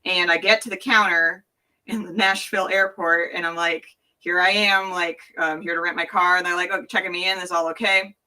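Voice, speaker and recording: A woman's voice: on the low side, steady tone, bright, forceful tone, far from the mic. Laughing Tennessee woman telling a wild story. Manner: laughing, swearing, quick anecdote with voiced quotes. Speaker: guest entertainer. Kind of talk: animated storytelling in casual chat.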